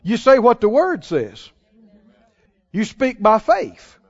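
High-voiced emphatic male preacher. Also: sing-song. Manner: emphatic, repeats phrases, slows down on scripture. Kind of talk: sermon. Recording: dull lo-fi sermon recording.

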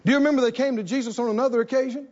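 A man preaching a sermon to a congregation, animated and repeating phrases for emphasis. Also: very high voice, rapid-fire, muffled recording. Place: church in front of a congregation.

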